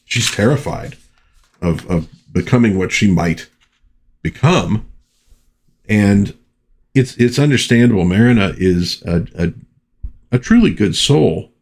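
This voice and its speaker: A man's voice: lowish voice, animated, a little slow, long pauses, a little mellow. An American man reviewing vintage comics in a chatty, rambling way, full of asides and restarts. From United States. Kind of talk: casual commentary.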